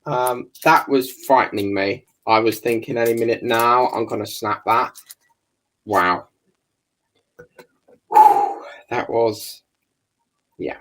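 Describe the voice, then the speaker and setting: A man with a gravelly voice, chatting casually while building a scale model kit and muttering and swearing under his breath. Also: mid-range voice, unhurried, a bit bright, low-quality recording. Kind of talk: casual build video chat.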